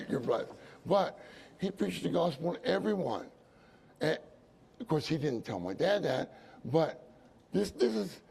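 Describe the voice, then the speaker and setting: A man's voice: fairly high pitch, creaky, a little mellow, husky. A man preaching a sermon at a conference, emphatic and repeating phrases for stress.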